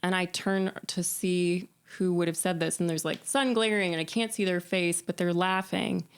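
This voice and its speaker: A woman musician being interviewed, telling stories in an animated way, often laughing and restarting her sentences. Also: on the low side, moderate pace, smooth. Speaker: musician guest. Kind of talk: casual interview chat.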